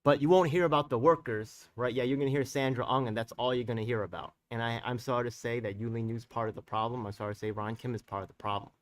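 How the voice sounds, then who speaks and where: On a distant mic, a man with a steady, mid-range voice hosts a live stream as a community activist. He rambles angrily, swears, uses street slang and keeps turning to viewers with short tag questions.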